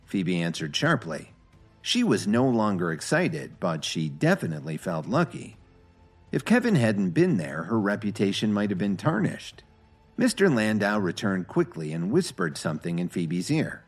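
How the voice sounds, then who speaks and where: A man narrates a story in a low, husky voice. His reading is steady but expressive, and his intonation rises and falls widely. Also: moderate pace, faint music behind.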